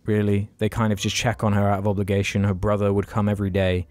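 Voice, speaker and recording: Low-voiced sweary British podcast man. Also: level tone, quick pace, a little mellow, faint music behind. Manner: frank, sweary, meandering with restarts. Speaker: podcast co-host. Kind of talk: casual chat, storytelling.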